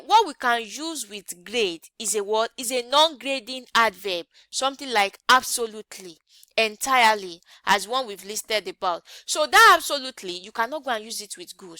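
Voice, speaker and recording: A woman's voice: fairly high pitch, animated, moderate pace, sharp tone, dry recording. A woman teaching an English grammar lesson online, often checking in with rhetorical questions.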